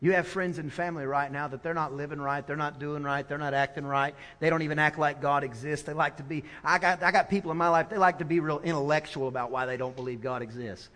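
A preacher man delivers his sermon in a voice that rings bright and forceful. He drops to near-hushed asides, then builds to slow, emphatic, loud declarations. The church sanctuary wraps his voice in a long reverb. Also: a little high, steady tone. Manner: preaching with big swings from quiet to loud, slow emphatic stretches. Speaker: pastor.

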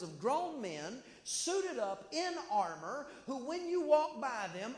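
A man preaching a sermon as pastor, telling a story with animated delivery and acting out the characters' lines. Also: very high voice. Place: church sanctuary. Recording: echoey church hall.

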